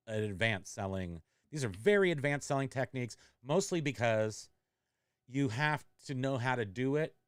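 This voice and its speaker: Man, middle-aged, smooth clear voice, dry close sound, rambling livestream chat. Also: mid-range voice, no echo. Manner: rambling, self-interrupting, reads chat comments aloud. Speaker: online reseller and livestream host.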